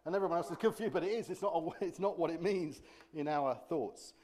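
A middle-aged man preaches with a lively, storytelling delivery, his slightly high voice swinging up and down as he acts out voices. He laughs often and keeps the tone light while making his points. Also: fairly quick. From Britain. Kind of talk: sermon with humorous stories.

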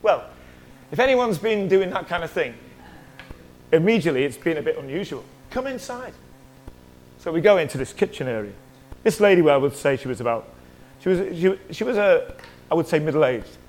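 A man's voice: on the high side, lively intonation, a little fast, darkish tone, a little hiss or hum, rough recording. A middle-aged man preaching a sermon as a pastor, telling a story in a chatty way and joking with the congregation. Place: church hall.

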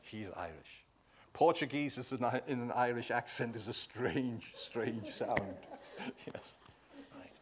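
A man's voice: medium pitch, measured pace, a crowd in the background. Emphatic male preacher delivering a sermon. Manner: emphatic, swells loud on key words, asks the congregation "right?".

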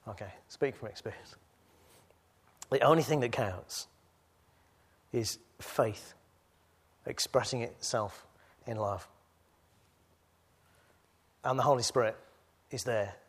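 This preacher talks slowly, with long pauses, in a medium-pitched and slightly rough voice as he addresses a church gathering. His sermon shifts from a quiet, thoughtful stretch to increasingly forceful, loud exhortation.

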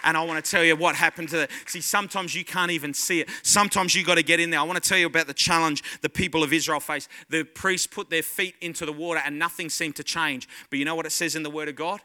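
A man preaches a sermon in a high, very bright and forceful voice. He tells his story with animated energy and acts out his own panic and delight as he goes. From Australia. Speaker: guest pastor.

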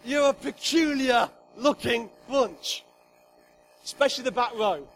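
High-voiced preacher, humorous and emphatic. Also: male voice, a little slow, fairly bright tone, soft background music, poor audio. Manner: humorous, emphatic, acts out God's voice. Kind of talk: sermon. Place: church hall with congregation.

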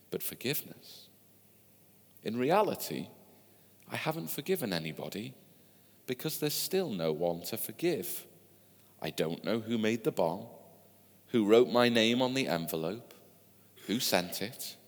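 A man preaching a sermon, telling stories in a conversational way with asides to his listeners. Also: low voice. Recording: long hall reverb.

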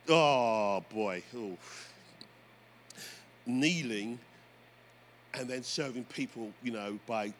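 A man preaching a sermon as pastor, telling stories with lively energy and calling out to the congregation. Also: medium pitch. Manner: animated storytelling preacher, often addressing "folks". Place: church. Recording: faint background noise.

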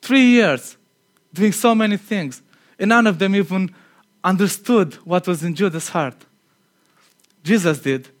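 High-voiced man preaching conversationally. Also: measured pace, long pauses. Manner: chatty and earnest, laughs at himself, drops to a quiet tone for emphasis. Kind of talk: conversational sermon.

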